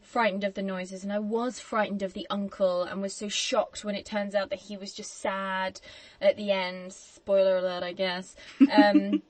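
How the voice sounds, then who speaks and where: A woman hosting a casual film podcast, chatty and quick to laugh, who slips into little acted-out quotes. Her voice sits at a middle pitch. The recording is dry and close, with no room sound. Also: level tone, dry recording. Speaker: podcast host.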